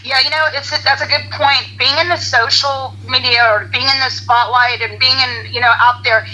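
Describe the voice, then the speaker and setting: A woman's voice: sits high, steady tone, normal speed, bright, forceful tone, slightly rough, poor audio. A woman guest on a podcast, talking in a candid, chatty way. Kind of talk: casual chat.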